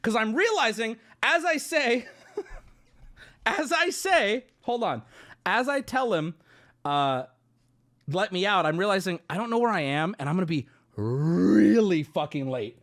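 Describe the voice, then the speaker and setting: A man's voice: high-pitched, lively intonation, a little slow, fairly bright tone. A man livestreaming, telling a story to his chat in an exaggerated way, swearing and laughing as he goes. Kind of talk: animated storytelling to a live chat.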